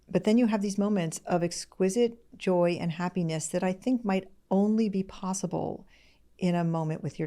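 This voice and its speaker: Fast-talking woman podcast host. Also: lowish voice. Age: middle-aged. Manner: fast-talking, candid and expressive. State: tearful, close to crying. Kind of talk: conversational podcast talk.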